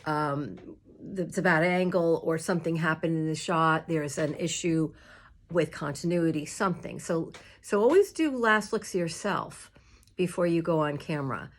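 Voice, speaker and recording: A woman minister giving casual, heartfelt advice to fellow clergy, chatty and emotional, with fillers and small laughs, in a room with a squeaky chair. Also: normal speed.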